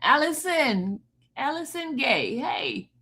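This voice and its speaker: A woman hosts a livestream in casual chat, joking, laughing often, and addressing viewers in the chat by name. Her high voice is sing-song, bright, and forceful, and she lets out drawn-out yawns and sighs.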